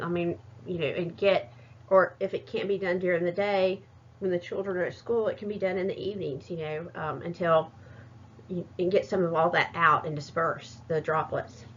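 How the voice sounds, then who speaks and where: A fairly low-voiced woman talks through a class presentation, hesitating often and stopping to restart. The recording is muffled and lo-fi. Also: a little hiss or hum. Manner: hesitant, many fillers and restarts. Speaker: student presenter.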